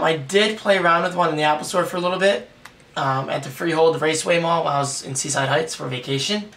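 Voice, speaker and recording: A young man with a hoarse, raspy voice, excitedly rambling through a casual unboxing vlog. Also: a little high, distant mic. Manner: excited, rambling, self-deprecating. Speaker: tech vlogger.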